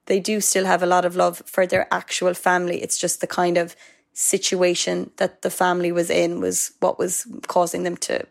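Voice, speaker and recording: A woman's voice: on the low side, monotone, normal speed, vocal fry. A woman co-hosting a podcast in casual chat, talking with plenty of fillers and asides. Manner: chatty, lots of fillers and asides. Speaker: podcast co-host.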